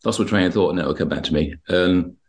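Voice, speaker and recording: A man with a fairly low voice, talking as a hypnotherapist on a podcast. He rambles through anecdotes about his clients and slips into their voices and his own replies as he retells each session. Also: fast. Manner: rambling, acts out dialogue when retelling sessions. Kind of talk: podcast interview, anecdotal storytelling.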